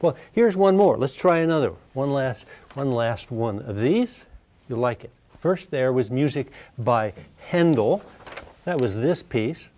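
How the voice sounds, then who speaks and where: This lecturer's voice is medium in pitch and a little slow, and he's recorded in a large hall. Leading a music class with energy, he poses questions to students and hums out rhythms to demonstrate the beat.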